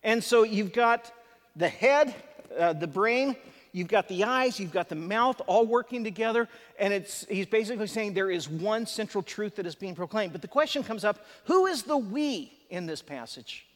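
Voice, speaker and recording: A man with a high, lively voice preaches a sermon to a live congregation at an ordinary pace. He is conversational and emphatic, slipping in chatty asides, and the recording carries a long hall reverb.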